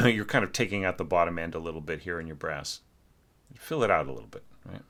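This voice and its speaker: Deep-voiced and brisk with a touch of brightness, an orchestration teacher talks through a score in a casual, chatty critique. Sung-out notes and lots of "like" and "you know" fill his feedback.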